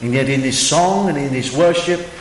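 A man's voice: on the high side, moderate pace, a little hiss or hum. A man preaching a sermon, emphatic and full of rhetorical questions. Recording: echoey hall, faint ambience.

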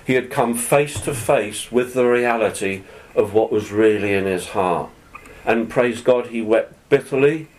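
A man's voice: mid-range voice, measured pace, a little mellow, poor audio. A man preaching a sermon, reading scripture aloud and then explaining it in an earnest, conversational way. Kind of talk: sermon, Bible teaching.

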